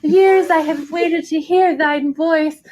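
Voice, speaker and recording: A woman's voice: very high voice, fairly even intonation, takes it slowly, a little mellow, dull audio, pitched above the performer's own voice. A woman voicing a devoted male dragon who speaks in flowery, archaic English, in a raised voice. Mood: adoring.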